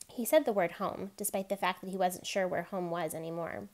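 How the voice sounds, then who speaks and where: A woman reading a novel aloud in steady, quiet narration. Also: on the low side, moderate pace, few pauses. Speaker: reader.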